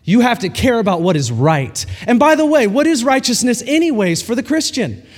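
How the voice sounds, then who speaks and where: A male pastor preaching a sermon to a congregation, telling a story with lively acted-out dialogue. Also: very high-pitched, fairly quick. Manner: animated storytelling preacher, acts out quoted dialogue. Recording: long hall reverb.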